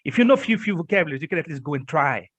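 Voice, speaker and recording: Backchanneling interview host, dry sound. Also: male voice, fairly high pitch, animated, very fast, fairly bright tone, no room sound, highs cut off. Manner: frequent backchannels, rambling restarts with "you know". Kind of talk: casual interview conversation.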